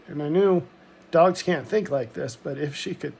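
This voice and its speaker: A man's voice: a little high, normal speed, creaky, a little mellow, a little hiss or hum. Rambling, reflective man telling a story. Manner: rambling and reflective, with many "um"s and restarts. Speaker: channel host telling a personal story. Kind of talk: casual reflective monologue.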